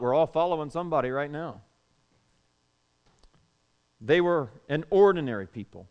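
A pastor preaching an animated sermon, full of rhetorical questions, moving between loud and soft. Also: male voice, on the high side, clear, resonant tone.

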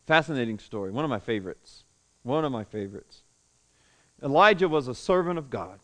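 A pastor preaches a sermon to a congregation in a room, telling the story with animated swings between loud declaiming and hushed tones. His voice is medium-pitched and brisk.

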